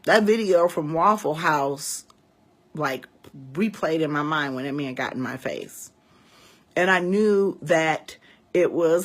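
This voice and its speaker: A woman's voice: sits low, animated, slow pace, husky. A woman in her forties from Chicago's West Side, telling a story to her viewers in a casual, emphatic and profane way. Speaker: vlogger and priestess.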